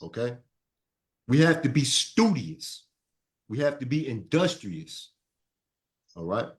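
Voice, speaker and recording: Speaking slowly in a medium pitch, this man teaches Sunday school. He preaches animatedly, repeating phrases for the class to respond to.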